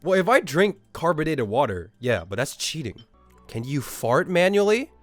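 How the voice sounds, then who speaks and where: A man's voice: fairly high pitch, normal speed, no room sound, faint music behind. A man streaming live, chatting casually and reacting to viewer messages with frequent swearing. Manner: animated, profane, reacting to chat.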